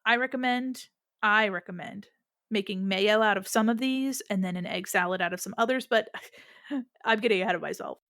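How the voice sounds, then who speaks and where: A man's voice: high-pitched, moderate pace, bright, forceful tone, no room sound, clean studio sound. Woman doing a chirpy little rabbit-folk egg farmer. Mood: proud chatter. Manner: eager, chattering, acts grown up. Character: tiny joyful male rabbit-folk egg farmer, childlike. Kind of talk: tabletop game character voice.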